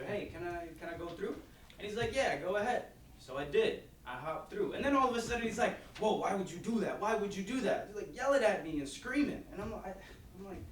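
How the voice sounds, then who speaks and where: A young man playing a calm, level-headed Black teen boy in a staged reading monologue, telling his story in a measured, dry way. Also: sits high, slight background noise, lightly acted. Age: young adult. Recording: echoey stage filmed from far off.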